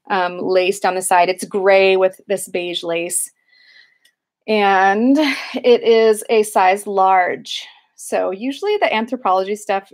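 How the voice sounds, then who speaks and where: A woman chatting casually through a thrift haul video, rambling with lots of fillers and restarts. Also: medium pitch. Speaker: thrift reseller vlogger.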